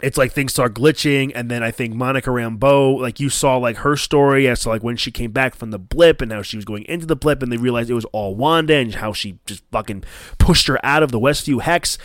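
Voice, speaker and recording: A man hosting a casual chat, excitedly recapping an episode and swearing as he acts out scenes in a raised voice. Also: medium pitch, a little fast, no echo, studio quality. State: coughing. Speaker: podcast host.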